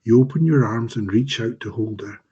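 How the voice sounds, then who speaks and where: A man with a husky, mid-range voice reads aloud from the dark fantasy fiction he wrote. The delivery is slow, measured and dramatic, captured on a home mic during a live stream, and the sound is muffled.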